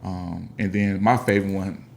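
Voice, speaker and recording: A man's voice: low voice, flat delivery, normal speed, vocal fry, a little hiss or hum. A man with a Memphis accent hosting a podcast, talking in a laid-back, slangy way and acting out other people's voices. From Memphis, Tennessee. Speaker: podcast host. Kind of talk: casual interview chat.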